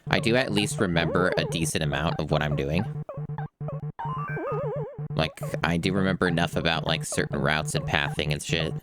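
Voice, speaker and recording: Deep-voiced man rambling over game music. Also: moderate pace, pauses often. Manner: talks to chat, mutters and thinks aloud. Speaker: streamer. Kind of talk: casual gameplay commentary. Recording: game music playing behind.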